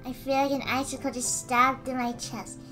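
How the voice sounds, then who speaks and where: A woman streaming casually while she draws, answering chat, giggly and given to excited squeals. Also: high voice, normal speed, faint music behind. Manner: responds to chat messages.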